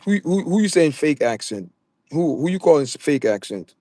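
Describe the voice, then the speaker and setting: With a fairly high but dark-toned voice that swings widely in pitch, a Jamaican-accented man hosts a casual livestream at a moderate pace. He speaks straight to chat viewers, stammering and repeating words often, in a dry, studio-quality recording.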